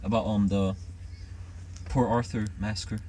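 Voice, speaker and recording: A man's voice: on the low side, steady tone, unhurried, mellow, slight background noise. A man chatting casually and rambling confidently through a conspiracy theory. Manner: rambling, self-assured. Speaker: co-host.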